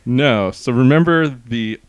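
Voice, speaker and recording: A man's voice: mid-range voice, takes it slowly, clean tone, no echo. Male podcast co-host, chatty recapper, dry close sound. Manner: animated storyteller, laughs often. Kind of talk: casual movie-review chat.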